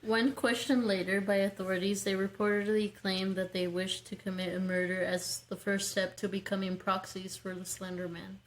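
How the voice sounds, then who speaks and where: A woman's voice: medium pitch, little pitch movement, normal speed, few pauses, low-quality recording. A woman in her twenties co-hosting a podcast, reading out a true-crime case with joking asides. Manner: reads notes with joking asides. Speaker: podcast co-host.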